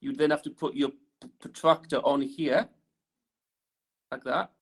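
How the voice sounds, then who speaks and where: A man's voice: medium pitch, fairly even intonation, a little slow, husky. A male teacher giving an engineering lesson in a classroom. He talks while drawing on the board and keeps checking in with "right?" tag questions.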